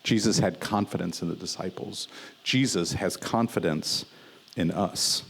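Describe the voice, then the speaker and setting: A man with a fairly low voice preaches a sermon at a church service. His delivery is conversational and easygoing, with casual fillers and light humor as he teaches. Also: a little slow, gravelly, breathy edge. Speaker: pastor.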